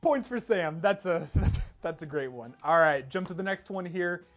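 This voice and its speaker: Animated laughing male panel host. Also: moderate pace, faint music behind. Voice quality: lively, laughs often, animated pitch swings. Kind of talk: casual panel chat.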